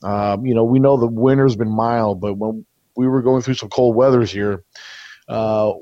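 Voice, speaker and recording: A man's voice: mid-range voice, steady tone, normal speed, dry recording. Rambling man guest on a dull line. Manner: rambling, many fillers and restarts. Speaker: guest, researcher. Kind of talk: casual interview answers.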